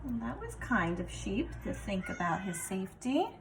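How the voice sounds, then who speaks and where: Expressive woman reading to children. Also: medium pitch, measured pace, noisy background. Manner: warm, expressive, addressing children directly. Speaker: teacher reading aloud. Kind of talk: children's story read-aloud.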